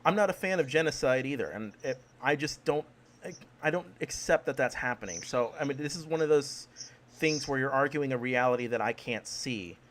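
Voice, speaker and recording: A man hosting a debate in an even, mid-pitched voice. He stays calm and measured and chooses conciliatory words. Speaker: debate host.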